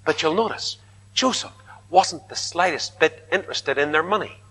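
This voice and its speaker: A man preaches a sermon, his bright, forceful voice climbing into emphatic outbursts. The sound carries a long reverb, as if heard across a large church hall. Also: on the high side, normal speed, husky. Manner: emphatic, rising to loud repeated protests.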